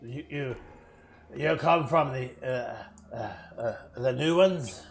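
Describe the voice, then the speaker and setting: A man's voice: medium pitch, vocal fry, a little hiss or hum, pitched below the performer's own voice. A man voicing a scarred, wary male goblin guard who stammers and halts. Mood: stammering. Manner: stammering, halting.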